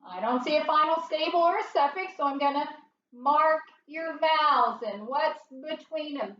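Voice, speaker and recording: A woman teaching a phonics lesson, sounding out words slowly and patiently for young learners. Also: high-pitched, echoey room, far from the mic, lo-fi sound.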